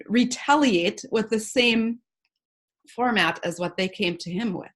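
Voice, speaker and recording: A woman's voice: medium pitch, measured pace. A woman hosts a casual book-discussion podcast in a mid-range voice. She talks with enthusiasm, often acting out what other people say. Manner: enthusiastic, animated with quoted voices. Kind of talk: casual podcast chat and reading aloud.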